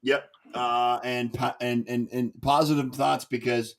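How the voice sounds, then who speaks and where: A man's voice: medium pitch, level tone, measured pace. A man hosting a casual sports podcast, easygoing and stumbling over repeated words. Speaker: podcast host.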